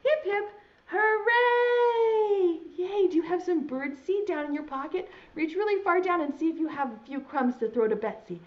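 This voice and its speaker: A woman's voice: high-pitched, lively intonation, brisk, few pauses. A woman teaching preschool online, reading a storybook aloud in a sing-song voice and talking straight to young children. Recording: dull lo-fi sound.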